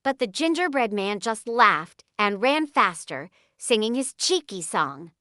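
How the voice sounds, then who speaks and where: A woman narrating a children's storybook in an expressive, animated way. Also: medium pitch, unhurried, no echo, studio quality.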